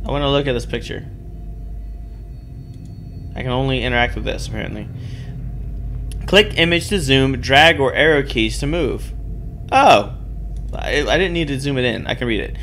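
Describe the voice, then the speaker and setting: A man's voice: mid-range voice, expressive, moderate pace, pauses often, fairly bright tone, slight background noise. A man playing a game, chatting casually, reading the on-screen text aloud and swearing now and then while joking about himself. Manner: self-deprecating, chatty. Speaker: let's play host. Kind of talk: casual gameplay commentary.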